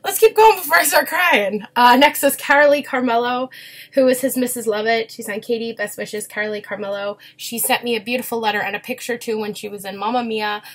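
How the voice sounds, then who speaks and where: A young woman chatting casually in a vlog, gushing and quick to get emotional. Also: fairly high pitch, fairly even intonation. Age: young adult. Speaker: vlogger. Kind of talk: casual chat.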